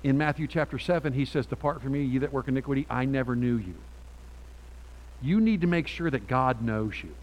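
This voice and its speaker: A man preaching a sermon from a Bible passage, talking in a halting way with many restarts and frequent rhetorical "right?"s. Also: medium pitch, low-quality recording.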